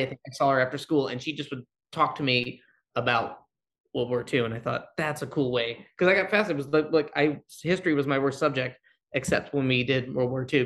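A man's voice: a little high, fairly bright tone. A man, a guest actor talking casually in an interview, rambling and blunt. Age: 30s. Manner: rambling, self-deprecating, blunt.

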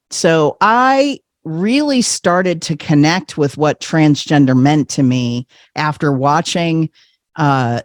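A man's voice: medium pitch, no echo, clean studio sound. A middle-aged man telling a personal story with lots of laughter, acting out the voices of the people he quotes. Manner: animated, laughing, acts out quotes.

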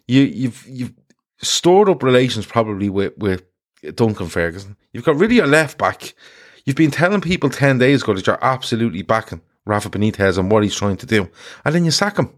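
A man hosting a casual football podcast, telling stories with lots of swearing and mocking quotes. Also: mid-range voice. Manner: swearing, animated storytelling with mocked quotes. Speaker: podcast host.

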